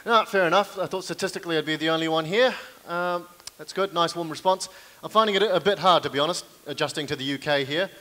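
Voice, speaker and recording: A young man with a New Zealand accent doing live stand-up comedy on stage, with self-deprecating, deadpan asides to the audience. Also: on the high side, fast talker. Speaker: comedian and card manipulation performer.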